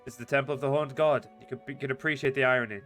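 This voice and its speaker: A man's voice: medium pitch, steady tone, a bit bright, soft background music, natural voice. Zenadria, a taunting demon cultist, read out by a man. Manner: reads quickly, stumbling and restarting words. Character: scheming female demon cultist, taunting and cruel. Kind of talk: reading game dialogue aloud.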